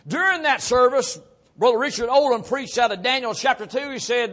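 A middle-aged man preaching, telling his own testimony earnestly and often dropping to a hushed voice. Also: very high voice, brisk. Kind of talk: sermon testimony.

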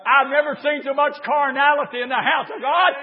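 A man preaching a sermon, swinging between hushed talk and shouted exhortation, on a dull lo-fi recording. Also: extremely high pitch, fairly even intonation, brisk, big-room sound.

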